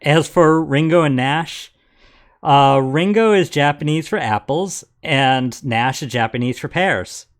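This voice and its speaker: A man's voice: on the high side, a little slow. A man casually chatting with a co-player and reading game dialogue aloud as a streamer. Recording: faint music behind.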